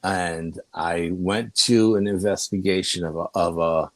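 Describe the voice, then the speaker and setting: A man with a New York accent telling rambling, animated anecdotes as a guest in a casual chat. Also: low-pitched, measured pace, dry recording. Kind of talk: casual storytelling.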